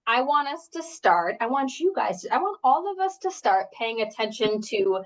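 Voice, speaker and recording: A woman's voice: a little high, very animated, normal speed, low-quality recording. A woman health coach leading a live group workshop from home, talking in a chatty, rambling way full of fillers and asides. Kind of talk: casual live workshop talk. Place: at home, indoors.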